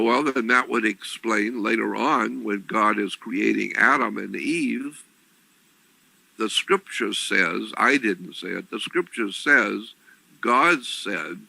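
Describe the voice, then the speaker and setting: Slow gravelly-voiced male lecturer. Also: medium pitch, sharp tone, dry recording, poor audio. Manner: deliberate, repetitive, frequent throat clearing. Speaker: lecturer on religion. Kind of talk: explanatory talk.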